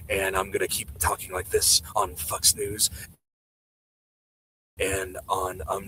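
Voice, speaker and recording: A man's voice: sharp tone, a little hiss or hum, poor audio. A man doing a sneering, muttering impression of a scheming male film director. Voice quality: low, muttering, mocking.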